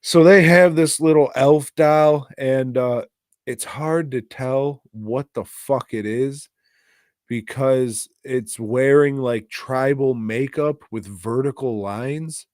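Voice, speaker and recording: Man, podcast co-host; slow, dry close-mic delivery, swears a lot, rambles, exasperated. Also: mid-range voice, no room sound. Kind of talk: casual movie review chat.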